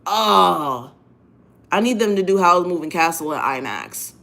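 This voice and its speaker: A woman's voice: lowish voice, big pitch swings, fairly quick, a bit bright. A woman hosting a casual monologue in a blunt, profane, emphatic way, often repeating phrases for effect. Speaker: host.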